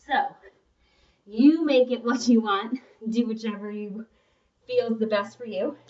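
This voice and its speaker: At a measured pace, a young adult woman fitness instructor guides viewers through a workout, her fairly high voice a little mellow with fairly even intonation. She's chatty and supportive and breaks off to laugh, though the distant mic leaves her sounding muffled.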